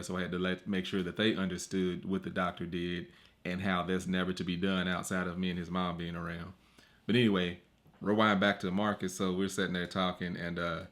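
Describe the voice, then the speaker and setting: Animated man telling family stories. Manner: animated storyteller, acts out quotes in high voices. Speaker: podcast co-host. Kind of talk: casual chat.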